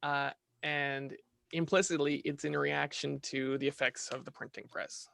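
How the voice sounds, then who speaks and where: A man talking as a podcast guest in casual conversation, animated, restarting his sentences and asking "right?" often. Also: a little high, measured pace, gravelly, no echo.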